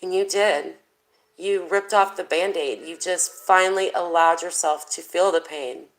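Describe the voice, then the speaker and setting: A woman's voice: lowish voice, fairly even intonation, a little slow, poor audio. A woman doing a casual tarot reading, chatty and thinking aloud with plenty of fillers. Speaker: tarot reader.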